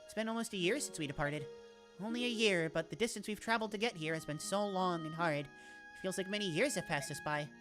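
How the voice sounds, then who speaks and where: Woman plays a young princess for a game, hushed and formal, wistful tone. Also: on the low side, fairly quick, over music, lightly acted.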